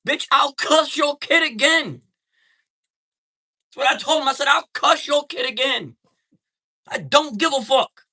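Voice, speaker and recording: A man's voice: very high voice, lively intonation, a little slow, long pauses, sharp tone. A man hosting a live stream, telling a heated story in a profane, streetwise way and greeting viewers from chat.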